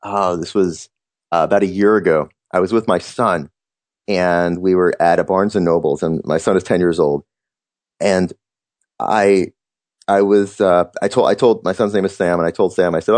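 Podcast host, man, lowish voice, earnest and reflective, dry close-miked sound. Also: brisk, darkish tone, no room sound. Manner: earnest and reflective, with frequent restarts. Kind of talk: motivational podcast monologue.

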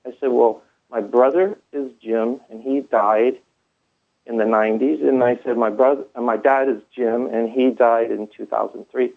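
A man's voice: mid-range voice, measured pace, gravelly. A man telling his story in a rambling way, with many fillers and restarts, heard through a phone line. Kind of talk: first-person storytelling.

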